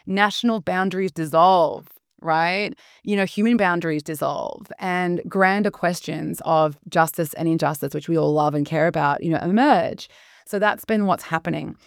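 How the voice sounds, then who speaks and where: A woman, a guest historian, telling stories in a casual interview and acting out quoted voices with lively shifts. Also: deep voice, creaky, dry recording, studio quality. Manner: animated storyteller, acts out quotes.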